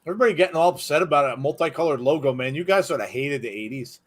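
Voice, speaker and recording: A slightly high-voiced man hosts a live watch-along stream. He chats loosely and cracks jokes, riffing on viewer comments as they come in. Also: lively intonation, very fast. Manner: chatty, jokey, reads viewer comments aloud.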